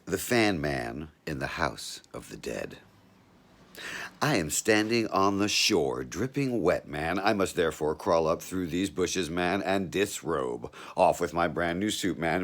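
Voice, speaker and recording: Chill guy reading a book out loud, kinda low voice, keeps saying man. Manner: laid-back drawl, says 'man' constantly. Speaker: reader. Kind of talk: reading a novel aloud.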